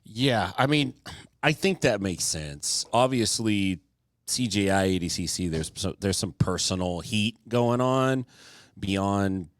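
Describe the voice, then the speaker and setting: A man's voice: lowish voice, slow, dry recording. A man hosting a podcast in casual chat, joking around and slipping into silly impressions. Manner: animated, jokey, does silly impressions. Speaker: podcast host.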